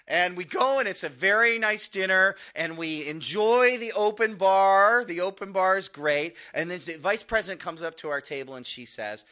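A man's voice: high voice, moderate pace, hardly any pauses, bright, forceful tone. A man doing stand-up comedy, telling a long story in a loose, conversational way with a bit of swearing. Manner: conversational, profane, chuckles through his own story.

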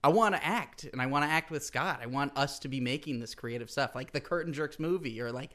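A man's voice: medium pitch, brisk, bright, forceful tone. A man co-hosting a casual podcast, talking earnestly in bursts full of "like" and laughing often. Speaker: podcast co-host.

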